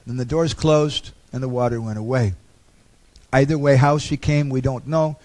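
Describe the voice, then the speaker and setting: A man's voice: mid-range voice, steady tone, moderate pace, a little mellow. A man giving a storytelling lecture on a pilgrimage, with humorous asides.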